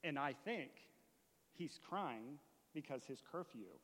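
A man preaching a sermon as a story, moving from hushed retelling to impassioned shouting. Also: a little high, animated, slow, long reverb tail. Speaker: pastor.

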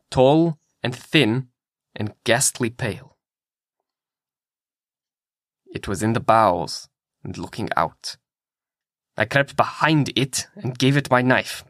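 A man's voice: mid-range voice, slow, fairly bright tone, no echo, clean studio sound. A man doing a terrified half-mad ship's mate. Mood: fearful. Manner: urgent, fearful.

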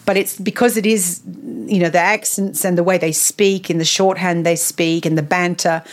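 A woman's voice: fairly low pitch, steady tone, normal speed. A woman chatting enthusiastically about a novel she read, laughing now and then. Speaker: book reviewer. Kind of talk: casual book chat.

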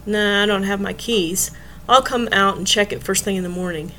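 Brief: a woman voicing a relaxed, wry man, easygoing and low-key. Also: normal speed, slight background noise.

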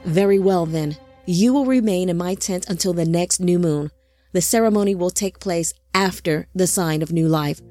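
A cruel, domineering male captain of unearthly beings, as a woman narrator puts him on. He speaks in curt, commanding orders, cold and clipped, in a lowish voice that stays measured and controlled. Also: mellow, soft background music, natural voice.

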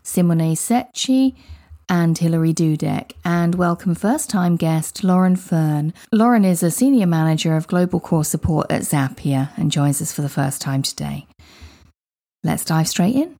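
A woman's voice: low-pitched, unhurried, warm tone. A woman hosting a podcast panel discussion, speaking in a friendly way with frequent restarts. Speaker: podcast host.

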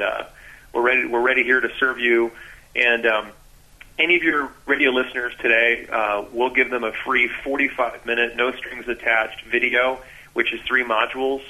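A man's voice: medium pitch, low-quality recording. A man, a sales trainer, explaining with energy as a radio guest and acting out bits of sales talk. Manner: animated, acts out sales dialogues.

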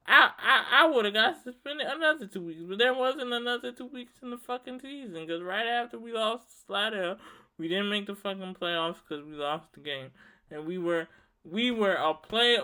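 A Louisiana man in his twenties rants alone on his podcast, cursing freely and spinning stories with animated heat at a normal pace. His voice is high for a man, with a piercing, tense brightness that cuts through.

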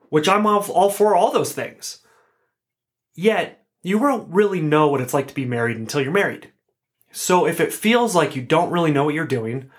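An earnest man hosts a solo podcast in a relaxed, chatty way. His voice sits a bit higher than most men's. He often restarts and corrects himself mid-sentence. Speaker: podcast host. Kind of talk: solo podcast talk, casual.

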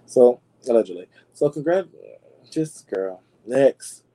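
A man hosting a casual gossip show with a mellow, warm tone. He talks in a sassy, dramatic way, calls his listeners y'all and leaps into high squeals when he wants to stress something. His everyday speaking pitch sits in the middle. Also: moderate pace, poor audio. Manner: swoops into high squeals for emphasis. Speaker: podcast host.

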